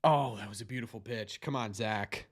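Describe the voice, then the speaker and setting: A man with a fairly low pitch calls a game live on his fan show, talking at normal speed. Nervous and easily excited, he cheers the same lines over and over, captured in a dry recording.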